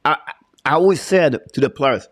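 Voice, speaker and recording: A man's voice: fairly high pitch, expressive, normal speed, a bit bright. A man, his first tongue, coaching and hosting a live stream. He talks in a fired-up way, repeating his points as he reads viewer chat. The sound is dry and close, with no room echo. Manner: fired-up, repetitive motivational talk.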